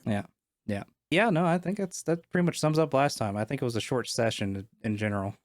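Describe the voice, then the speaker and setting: A man's voice: medium pitch, animated, brisk, dry recording, clean studio sound. Man running a tabletop game. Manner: casual, many fillers and restarts. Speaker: game master.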